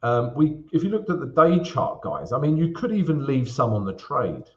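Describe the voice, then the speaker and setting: A man's voice: mid-range voice, big pitch swings, normal speed, a little mellow, lo-fi sound. A man hosting a live stream Q&A, talking casually through chart analysis with frequent fillers and tag questions. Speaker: forex trading host.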